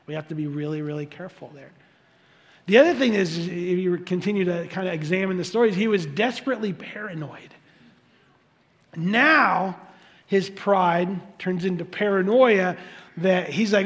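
A man delivers a sermon, his voice sitting high for a man. He talks animatedly, slipping into the voices of the people he quotes. A long reverb from the hall trails each phrase. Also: moderate pace. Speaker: pastor.

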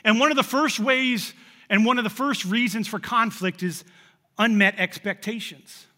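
A man, preaching a sermon through a personal story, animated, often repeating words and restarting phrases. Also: high-pitched, normal speed, big-room sound. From central Illinois, USA. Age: 30s. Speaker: pastor.

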